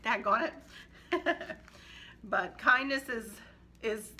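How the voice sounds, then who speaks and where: Brief: woman decor vlogger, bright tone, gushing and sentimental, quick laughs. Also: mid-range voice. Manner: warm, gushing and emotional, laughs often. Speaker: home decor channel host. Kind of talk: casual chat to viewers.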